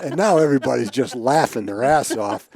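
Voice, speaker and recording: A man's voice: mid-range voice, fairly quick, a little mellow. A man telling baseball anecdotes in a casual chat, chuckling often and repeating words as he goes. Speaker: guest storyteller.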